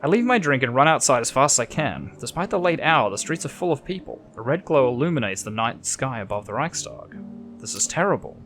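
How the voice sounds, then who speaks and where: An Australian man narrates his own playthrough of a game, thinking aloud in a chatty, offhand way with the odd mild swear. His voice sits at a middling pitch and moves around a lot as he talks. Faint game music plays behind him. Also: big pitch swings, brisk, fairly bright tone. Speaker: let's play host. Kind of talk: casual gameplay commentary, reading game text aloud.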